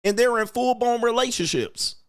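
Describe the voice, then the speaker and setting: A man ranting casually on a livestream, animated and emphatic, laughing and repeating himself for emphasis. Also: extremely high pitch, normal speed. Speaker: dating commentary streamer.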